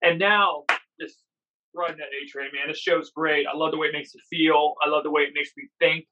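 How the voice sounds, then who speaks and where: A man's voice: a little high, steady tone, fairly quick, noisy background. A man co-hosting a podcast, chatting eagerly and in a rambling way about a TV episode, on a dull lo-fi mic. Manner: enthusiastic, rambling. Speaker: podcast co-host. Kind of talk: casual discussion of a TV episode.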